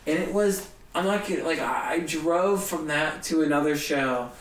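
A man, a comedian, telling a story in an animated, self-mocking way in conversation. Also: a little high, moderate pace, echoey room, distant mic. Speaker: comedian guest.

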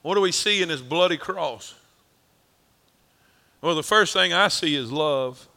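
A gravelly, pushed, bright voice on the high side, a little slow, belongs to a male preacher. He preaches in a folksy, rhythmic way, repeating lines and letting his emphasis rise and fall.

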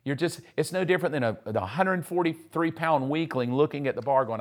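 A man's voice: a little high, fairly quick, hardly any pauses. A man pastor preaching conversationally, acting out the voices of people he quotes. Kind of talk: sermon.

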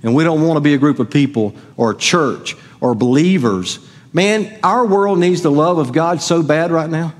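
A man's voice: a little high, normal speed. A middle-aged man preaching a sermon as pastor, conversational and asking the congregation questions. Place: church sanctuary. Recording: long hall reverb.

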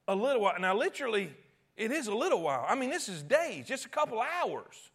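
A man preaching a sermon, emphatic and repetitive, swinging between loud cries and hushed tones. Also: high-pitched, lively intonation, fast talker. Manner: repeats phrases and restarts often.

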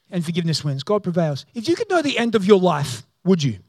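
A man, a pastor, preaching a sermon as a storyteller who acts out the people in the story and grows loud and excited. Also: fairly high pitch, a little fast, few pauses, husky, no echo.

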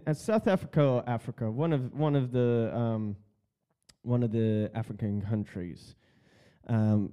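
A man's voice: mid-range voice, mellow. A man hosting a podcast in a casual, rambling way, with lots of slang and frequent laughter. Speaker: podcast host.

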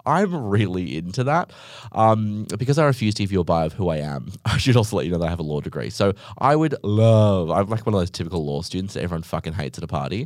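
A young man hosts a podcast in a low, expressive, slightly mellow voice, talking fast. The studio recording is clean with no echo. He rambles through a sarcastic, casual story, full of asides and repeated "like."

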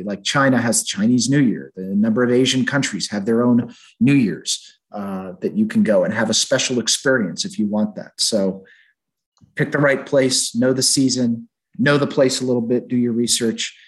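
A man hosting a casual podcast chat, summing up advice in quick lists. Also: mid-range voice. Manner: summarizing, list-like advice. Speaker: podcast host.

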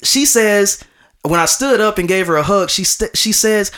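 A man's voice: sits high, normal speed. Young man telling a story animatedly. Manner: animated, acts out quoted voices, many restarts. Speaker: podcast host. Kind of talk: casual storytelling.

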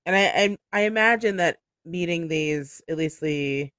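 A man's voice: a little high, unhurried, sharp tone, smooth, dry recording, studio quality. A man hosting a book club podcast, chatting casually, laughing often and filling his speech with "like". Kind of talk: casual chat.

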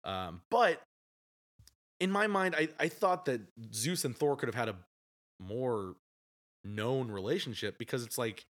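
A man's voice: mid-range voice, lively intonation, a little slow. A man co-hosting a casual movie review podcast, chatty and often laughing as he retells scenes. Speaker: podcast co-host.

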